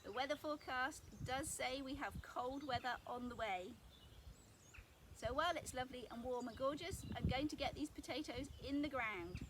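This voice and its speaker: Woman from the UK, high voice, chatty garden how-to vlog, recorded outside with birdsong and clicks. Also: fairly bright tone. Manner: chatty and explanatory. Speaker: gardening vlogger. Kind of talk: casual outdoor how-to vlog. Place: outdoor garden bed. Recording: outdoor noise, birds and clicks.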